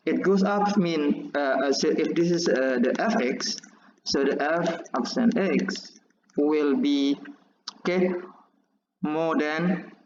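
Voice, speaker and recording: A man teaching calculus while drawing graphs, halting and restarting often as he explains. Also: on the high side, darkish tone, slight background noise. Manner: halting, many restarts and fillers. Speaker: math teacher. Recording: echoey, dull lo-fi recording.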